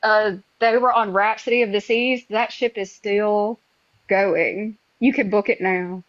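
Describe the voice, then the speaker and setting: A middle-aged woman hosting a podcast, telling stories in a casual, animated way and acting out her own past reactions. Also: medium pitch, unhurried, no room sound. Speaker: podcast host. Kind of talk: casual chat. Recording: dull, dry lo-fi sound.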